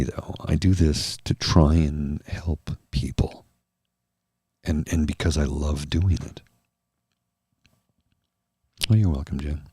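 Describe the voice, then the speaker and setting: A man hosting a soft-spoken ASMR livestream, talking slowly and earnestly and answering viewers by name. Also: rumbling low, slightly rough, dry recording. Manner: slow, earnest and heartfelt, addressing viewers by name. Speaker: livestream host.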